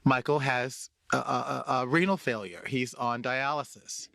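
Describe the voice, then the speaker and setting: A man, a guest, telling a personal story in conversation, animated, often repeating and restarting words. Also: medium pitch, moderate pace, gravelly, dry recording, clean studio sound.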